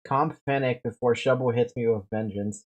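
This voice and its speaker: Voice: medium pitch, steady tone, moderate pace. A streamer chatting casually and playfully while playing a game, laughing often and swearing.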